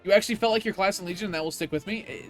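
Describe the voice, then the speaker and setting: A man's voice: high-pitched, rapid-fire, faint music behind. A man streaming a video game, ranting in casual, profane commentary.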